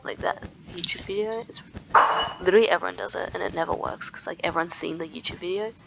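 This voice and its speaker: A woman's voice: fairly low pitch, fairly even intonation, fast talker, vocal fry, very noisy. A woman playing as a guest in a gaming video, chatting casually and teasing opponents. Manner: teasing, trash-talking. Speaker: guest player. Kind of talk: casual gameplay chat. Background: game music.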